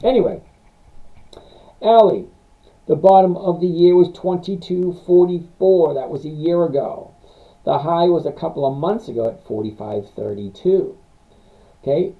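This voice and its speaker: A man hosting a casual live stream, answering viewer questions about stocks and reading figures off charts in a blunt, rambling way. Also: fairly high pitch. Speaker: livestream stock trading host. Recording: tinny phone-like sound.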